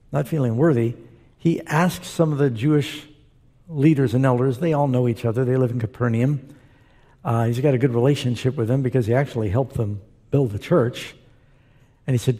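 A man's voice: medium pitch, moderate pace, long pauses, dark tone. A man preaching a sermon. He reads scripture aloud and makes chatty asides to his listeners. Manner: conversational, with asides to the audience. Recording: long hall reverb.

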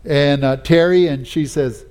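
A man's voice: on the high side, fairly even intonation, unhurried, a little mellow, clean tone. A man preaching a sermon, telling personal stories in a folksy way with frequent restarts. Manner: folksy storytelling, many "you know"s and restarts.

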